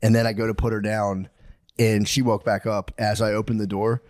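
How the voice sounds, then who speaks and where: This co-host of a comedy podcast, a comedian and father, rambles casually, swears frequently and acts out his own quotes. His voice is lowish and darkish, with a flat, brisk delivery.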